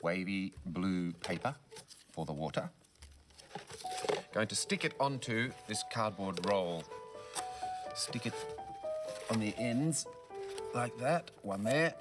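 A man presenting a children's TV show, gently showing a simple craft to young children. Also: on the low side, expressive, over loud music. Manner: gentle, slow and sing-song.

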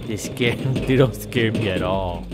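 A man voicing a boastful male caveman villain in a slow, menacing put-on voice with broken English, over game audio. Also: on the low side, over loud music, natural voice. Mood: gloating. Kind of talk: playful voice acting over gameplay.

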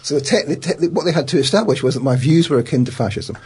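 A middle-aged man, a guest in an interview, recounting events in an animated way with many restarts. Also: fairly high pitch, fast, breathy edge. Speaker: guest, academic.

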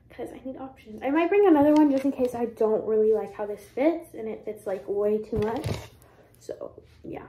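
High-voiced congested young woman chatting. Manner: chatty, gushing, rambling with many likes and ums. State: congested, stuffy nose. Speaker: lifestyle vlogger. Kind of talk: casual chat. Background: loud music.

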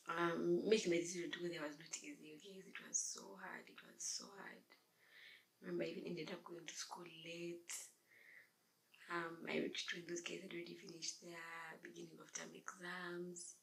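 A young woman with a low, gravelly voice spins an animated storytime for her viewers. Her delivery is exclamatory and chatty, and a faint hiss sits under the recording. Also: normal speed, poor audio. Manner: animated storytelling, acting out quoted dialogue; addresses viewers directly, exclamatory. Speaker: vlogger. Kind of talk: casual storytime.

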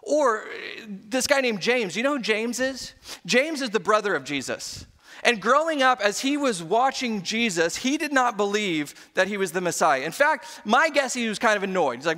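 Man, pastor, sermon, high voice, long hall reverb. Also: normal speed. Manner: animated, acts out quoted voices. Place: church sanctuary.

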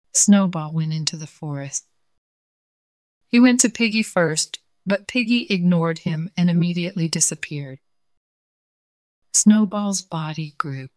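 A woman reading a bedtime story for children in a calm, gentle read-aloud manner. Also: sits low, no room sound, studio quality.

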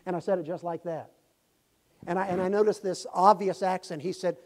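A man preaching a sermon, telling a story with lively swings from loud exclamations to hushed asides. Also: high-pitched, brisk. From Tennessee, USA. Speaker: pastor. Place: church sanctuary.

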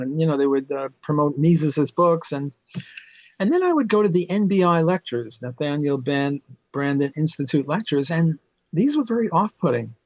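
An older man recounts his memories in an unhurried, rambling way, peppering them with fillers and bursts of laughter. His voice sits a little high for a man, and it sounds close and dry, with no room echo. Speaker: interview guest, economics professor. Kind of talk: casual storytelling interview.

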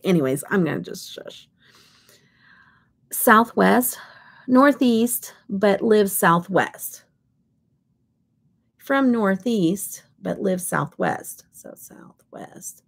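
Speaking slowly at medium pitch, a middle-aged woman from Kansas, USA, sounds husky and gravelly, leaving long pauses. She's hosting a relaxed makeup livestream, rambling chattily as she swatches and frequently dropping to a whisper.

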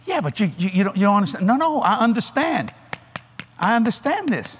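An older man preaching a sermon at a large convention, animated and folksy, laughing between points. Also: high voice, brisk, a little hiss or hum.

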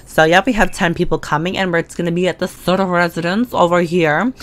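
Chatty low-voiced woman playing a life-sim game. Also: quick pace. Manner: chatty and slangy, talks to the game characters, sudden excited or mock-scared outbursts. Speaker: gaming video creator. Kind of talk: casual let's-play commentary. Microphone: desk condenser mic.

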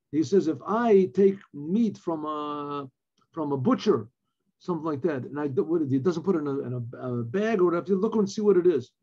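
A man, a rabbi, teaching a Torah lesson, reading Hebrew phrases and explaining them in English with animated emphasis. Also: a little high, breathy edge, muffled recording.

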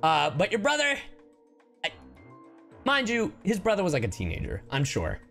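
A man from Miami, a streamer and voice actor, telling stories to his stream chat in a casual, expressive way. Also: sits high, normal speed, vocal fry, faint music behind. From Miami, Florida. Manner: animated, expressive storyteller.

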